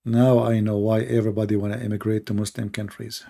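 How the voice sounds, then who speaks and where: A man's voice: on the low side, flat delivery, quick pace, creaky, warm tone. A man hosting a livestream in casual, rambling commentary, sarcastic and full of fillers. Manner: sarcastic, mocking asides. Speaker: livestream host.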